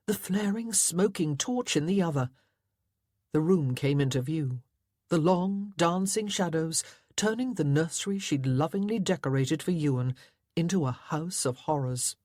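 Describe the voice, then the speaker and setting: With a low, darkish voice, a woman delivers scripted narration of a historical romance audiobook in a tense, dramatic style. It's studio-quality audio with no room sound.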